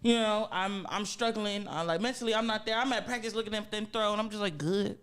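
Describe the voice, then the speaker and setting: A woman athlete guest telling animated, playful stories in casual chat, full of laughs and dramatic retellings. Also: medium pitch, brisk, clear, resonant tone.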